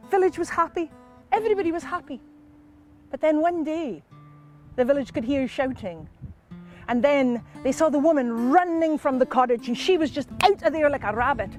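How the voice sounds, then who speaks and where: A Scottish woman telling a folk tale to a live audience in an animated, conversational way. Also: sits high. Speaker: storyteller.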